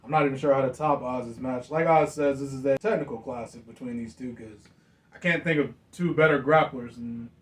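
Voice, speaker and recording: A man co-hosting a casual chat, reacting eagerly with quick affirmations. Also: medium pitch, recorded from a distance. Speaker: co-host.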